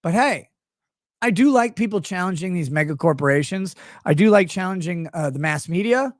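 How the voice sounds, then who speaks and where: A man's voice: high-pitched, expressive, normal speed, no room sound, studio quality. A man hosting a livestream, ranting in a rambling, sarcastic and profane way into a desk microphone. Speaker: show host. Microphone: streaming desk microphone.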